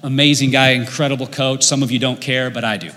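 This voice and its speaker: A middle-aged man preaching a sermon in a church auditorium, telling stories with sudden swings between loud and quiet. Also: medium pitch, fairly even intonation, fast, slight background noise. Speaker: pastor. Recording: long reverb of a large hall.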